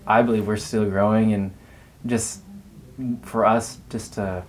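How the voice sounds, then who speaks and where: Young man, monotone, sincere testimony, faint background noise. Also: on the low side, unhurried, rough recording. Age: young adult. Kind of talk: testimony interview.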